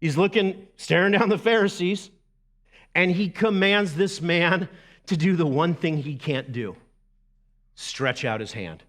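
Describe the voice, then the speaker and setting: A middle-aged man, a lead pastor preaching a sermon in a lively, conversational way with asides to the congregation. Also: high voice, unhurried.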